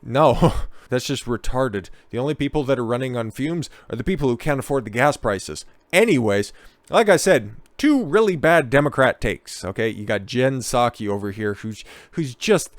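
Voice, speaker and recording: A man's voice: mid-range voice, sing-song, unhurried, no echo. A man ranting sarcastically about politics in a casual, profane, dismissive way. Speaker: political commentator.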